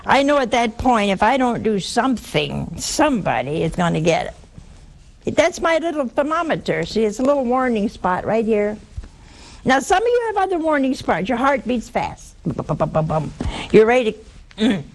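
A woman preaching a sermon in a conversational, dramatic way. Her pitch swings sharply, and she sometimes drops to hushed asides. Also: very animated, normal speed. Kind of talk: sermon to a live and broadcast audience.

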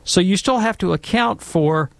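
A man answering listener questions on a call-in radio show, talking in long discursive asides with animated storytelling. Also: sits high, normal speed, gravelly, no room sound. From Alabama, US. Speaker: Catholic apologist guest expert. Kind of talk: conversational radio Q&A.

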